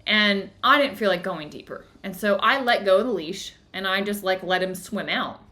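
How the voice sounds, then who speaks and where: Bright-voiced woman telling a story. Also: mid-range voice, moderate pace. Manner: animated, dramatic retelling with acted-out quotes. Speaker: book club host. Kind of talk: casual storytelling on a livestream. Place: home in the woods. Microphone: streaming device, live video.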